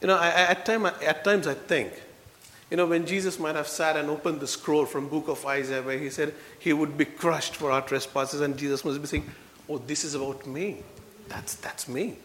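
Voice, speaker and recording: A man preaching a sermon in a church, earnest, moving between soft low passages and loud emphatic ones. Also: steady tone, a little fast, a little hiss or hum. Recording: long reverb in a hall.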